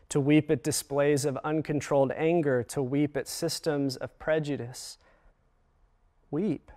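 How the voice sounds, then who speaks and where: Guy preaching a chapel sermon, earnest and slow at the big moments, lots of pauses. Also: fairly high pitch, vocal fry, a little mellow. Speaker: chapel speaker.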